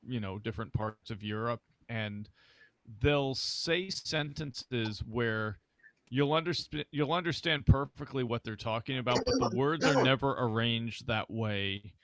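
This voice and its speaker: A man's voice: medium pitch, measured pace, a bit bright, no room sound. A man co-hosting a casual chat show, talking bluntly with swearing and rambling asides. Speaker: co-host.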